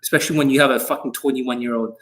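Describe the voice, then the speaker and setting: A man's voice: medium pitch, fairly even intonation, rapid-fire, a bit bright. Middle-aged guy ranting on a live stream, kinda angry-sounding, swears a lot, rambles. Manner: intense, profane, rambling. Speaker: dating coach.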